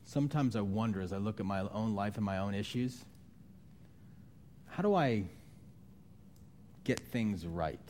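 A man preaching a conversational sermon, shifting from quiet reflection to loud, animated outbursts as he acts out voices. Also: on the low side, measured pace, pauses often, a little hiss or hum. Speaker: pastor.

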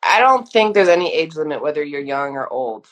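A woman's voice: deep voice, sing-song, fairly quick. Frank, emphatic woman in her thirties. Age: 30s. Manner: frank, emphatic, uses mild swearing. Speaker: guest therapist. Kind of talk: casual podcast conversation.

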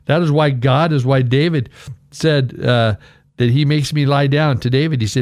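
A man's voice: mid-range voice, no echo. Earnest male radio pastor, dry studio sound. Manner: earnest, warm storytelling with slow scripture recitation. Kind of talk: radio devotional sermon.

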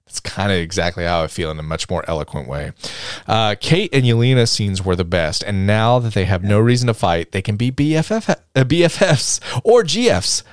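Man, low voice, very lively pitch, podcast host, dry close sound, reads listener comments. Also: normal speed, clear, resonant tone, dry recording. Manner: animated, laughing, stumbles over reading. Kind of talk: casual group chat.

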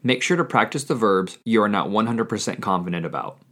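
A man hosting a language-learning podcast, reading a quiz and repeating each answer slowly and carefully. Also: on the low side, lively intonation, a bit bright. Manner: slow, careful repetition of answers. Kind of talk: scripted language lesson quiz.

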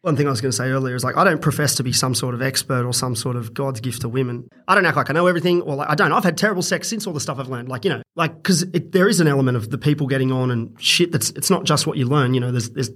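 A man's voice: mid-range voice, very fast, hardly any pauses, fairly bright tone. A young man telling a story in casual podcast chat, rambling and profane, often laughing. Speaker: podcast guest.

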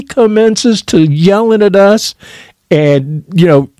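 A man's voice: sits high, takes it slowly, warm tone, dry recording, clean studio sound. A man casually telling stories from his youth, swearing freely and laughing as he goes. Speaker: podcast storyteller. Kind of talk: casual storytelling.

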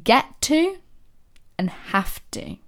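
A woman hosting a podcast, talking to listeners in a casual motivational monologue full of rhetorical questions and soft asides. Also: a little high, huge pitch swings, very slow, creaky. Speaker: podcast host.

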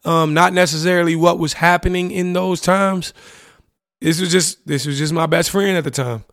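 A man's voice: fairly high pitch, steady tone, normal speed, a bit bright, no room sound, clean studio sound. A young man hosting a podcast, telling personal stories about a past relationship in a casual, candid way, full of slang and "you know what I'm saying". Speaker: podcast host. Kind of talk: reflective personal monologue.

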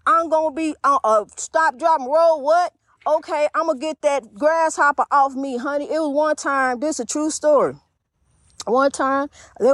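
A woman's voice: high voice, dry recording, clean studio sound. A woman hosting her own podcast, talking in a chatty, preachy way and calling her listeners honey. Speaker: podcast host. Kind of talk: casual faith-talk podcast monologue.

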